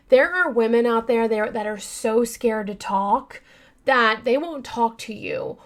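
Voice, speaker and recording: A woman's voice: fairly high pitch, unhurried. A woman hosting a true-crime podcast, telling the story casually with many fillers and talking straight to her listeners, earnest and yawning now and then. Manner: chatty, many fillers, addresses listeners as you guys; earnest and upset by the case.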